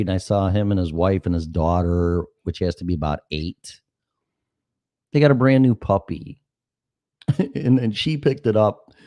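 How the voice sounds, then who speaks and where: Middle-aged male host, deep voice swinging wide, dry close sound, profane storyteller. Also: no room sound. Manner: animated, profane, acts out dialogue. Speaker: talk show host. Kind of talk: casual chat, anecdotal storytelling.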